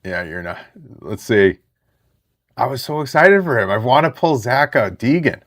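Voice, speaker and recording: A man in his thirties hosting a live card break stream, chatting excitedly with viewers in the chat. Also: medium pitch, normal speed.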